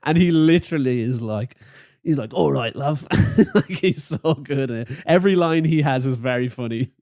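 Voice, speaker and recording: Laid-back Irish man, mellow voice. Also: mid-range voice, normal speed, no echo, studio quality. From Ireland. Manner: laughing, animated retelling of film scenes. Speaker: podcast co-host. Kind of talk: casual chat.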